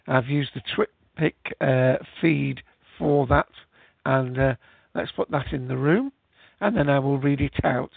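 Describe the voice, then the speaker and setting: Male host, rambling casual chat, gravelly fry, dry phone-like sound. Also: mid-range voice, dry recording. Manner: rambling, chatty, many fillers. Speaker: podcast host. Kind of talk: casual live-show chat.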